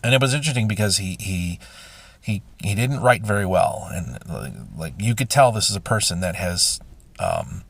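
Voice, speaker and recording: A middle-aged man hosting a podcast, telling a painful personal story in a halting, emotional way with many restarts and sighs. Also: on the low side, big pitch swings, vocal fry, a bit bright, husky. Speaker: podcast host. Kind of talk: personal confessional monologue.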